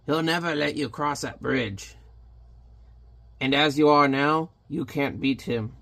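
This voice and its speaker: A man's voice: on the high side, slow pace, fairly bright tone. A man voicing a scheming little male pixie creature in a sly, conspiratorial way, reading a comic aloud.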